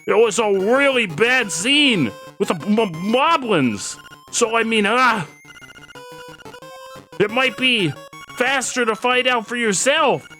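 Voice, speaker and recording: A man voicing an excitable little village kid in a thick, squeaky cartoon-critter accent, urgent and repetitive. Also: unhurried, few pauses, soft background music, full character voice. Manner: urgent, repeats himself.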